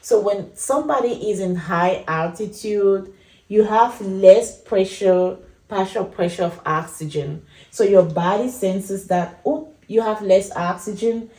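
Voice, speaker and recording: Slow, mellow-voiced woman teaching. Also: medium pitch, echoey room, rough recording. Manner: slow, repetitive explaining, addresses viewers as guys. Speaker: anesthesia educator. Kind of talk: whiteboard lecture.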